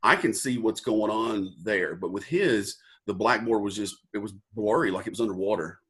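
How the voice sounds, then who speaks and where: A man's voice: lowish voice, moderate pace, fairly bright tone. A young man, a student on a video call, talking casually and laid-back with lots of likes and ums. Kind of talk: casual chat.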